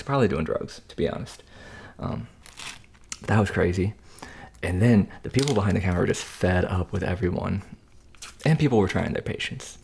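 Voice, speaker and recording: Gravelly low-voiced man chatting over food. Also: slight background noise. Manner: slangy, animated storytelling between bites. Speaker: food vlogger. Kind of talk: casual mukbang chat.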